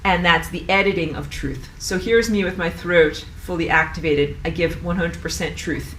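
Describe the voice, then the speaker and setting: A woman giving a casual spoken lesson as a spiritual teacher, talking in an animated, exasperated way and acting out the voices of the people she quotes. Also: lowish voice, normal speed. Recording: echoey room, mic at a distance, faint background noise.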